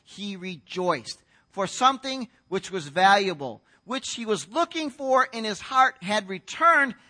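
A man's voice: high-pitched, expressive, unhurried, pushed and bright. An American man preaching a sermon in a conversational storytelling way, acting out the voices in the story. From United States. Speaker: pastor.

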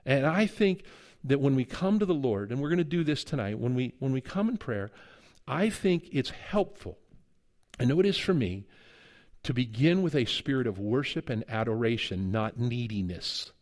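A middle-aged pastor delivers a conversational sermon built around stories, acting out the dialogue as he tells them. His mid-range voice has a sing-song lilt and a slightly mellow quality, moving at a moderate pace.

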